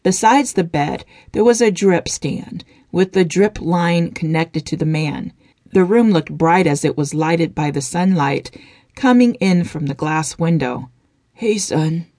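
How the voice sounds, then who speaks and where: A woman narrating a romance audiobook in an even, steady reading voice. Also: lowish voice, measured pace, no room sound, studio quality.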